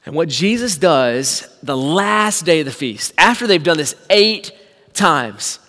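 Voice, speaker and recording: A man preaching a sermon, telling the story with animated swings from hushed to shouting. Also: fairly high pitch, slow, long reverb tail. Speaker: pastor.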